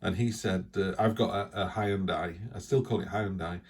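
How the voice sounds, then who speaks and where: A man's voice: deep voice, fairly even intonation, moderate pace, breathy edge. A man giving a casual, rambling tarot reading, with frequent restarts and asides. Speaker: tarot reader.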